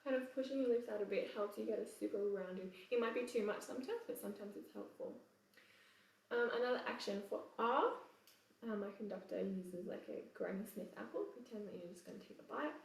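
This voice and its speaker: English woman, choir vocal coach, casual and chatty, slightly high voice, a bit off-mic in an echoey room. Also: gravelly, distant mic. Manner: relaxed, chatty, demonstrates vowels by singing. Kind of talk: casual singing lesson with sung examples. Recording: roomy echo, voice away from the mic.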